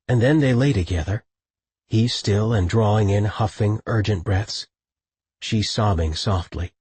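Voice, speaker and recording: A man narrating an audiobook in a low, husky voice. He is recorded close on a studio mic with a dry sound. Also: measured pace, a little mellow, no echo.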